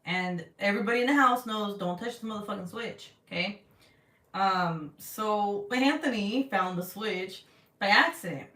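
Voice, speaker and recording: A woman in her thirties hosts a casual livestream, telling family stories in a lively, profane way and reading viewers' comments aloud. Her voice sits at a middle pitch and sounds set back from the mic. The room adds a noticeable echo. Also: moderate pace. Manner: profane, animated storytelling. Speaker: livestream host. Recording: roomy, distant from the mic.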